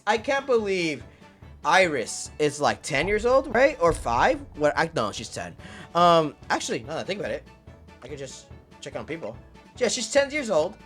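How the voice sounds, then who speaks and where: A young woman streaming a detective game, riffing loudly on the story and swearing now and then. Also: sits low, moderate pace, soft background music. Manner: animated, swears and laughs, riffs on the story. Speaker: gaming streamer. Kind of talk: let's-play commentary, reading game dialogue aloud.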